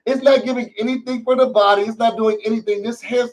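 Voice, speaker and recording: Sassy high-voiced man hosting a recap. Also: steady tone, moderate pace, a bit bright, far from the mic, rough recording. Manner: sassy, theatrical, calls out to viewers. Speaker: show recap host. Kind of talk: casual recap vlog.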